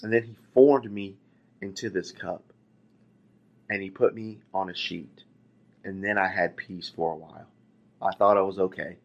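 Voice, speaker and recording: A man's voice: low-pitched, fairly even intonation, normal speed, long pauses, lo-fi sound. A man voicing a talking antique teacup that recounts, in the first person, being shaped by a potter, in a plain preaching voice. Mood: recounting. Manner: pleading storytelling in first person. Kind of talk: sermon illustration.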